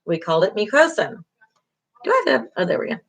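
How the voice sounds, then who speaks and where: A woman's voice: medium pitch, very animated, fast talker, creaky, breathy edge. A middle-aged woman, a beauty school instructor giving an online class lecture, encouraging, with many fillers, repeating key terms.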